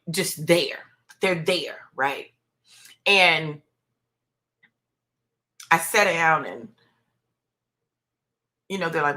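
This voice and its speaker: A woman's voice: deep voice, bright, forceful tone. A woman in her fifties giving a heartfelt personal testimony on a live stream, talking in a conversational, preacher-like way with many fillers. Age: 50s. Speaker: minister.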